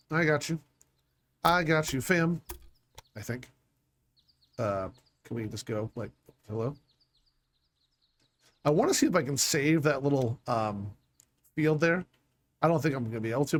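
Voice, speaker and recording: A man's voice: mid-range voice, animated, normal speed, long pauses. A man playing a video game who thinks aloud as he plans, talking to himself in a casual, scattered way, frustrated and swearing a little. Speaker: let's play gamer. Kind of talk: casual gameplay commentary.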